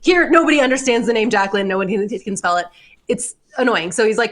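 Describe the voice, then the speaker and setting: A woman in her early forties chats on a podcast, with a voice pitched in the middle for a woman. She tells stories with a lot of animation, mimics the people in them, and breaks into laughs often. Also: quick pace, fairly bright tone. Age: 40s. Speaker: podcast co-host. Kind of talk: casual chat.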